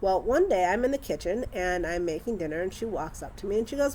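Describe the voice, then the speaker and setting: A young woman spins casual family anecdotes with a wry, animated delivery, slipping into the dialogue as she tells it. Her pitch sits in a middling range, and a faint hiss of background noise runs under her voice. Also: fast talker, hardly any pauses. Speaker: mother telling family stories.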